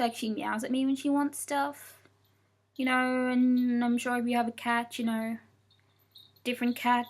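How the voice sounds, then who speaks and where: A young woman telling a rambling story in a casual vlog, chatty and swearing often, breaking off to talk to her cat. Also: on the high side. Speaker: vlogger.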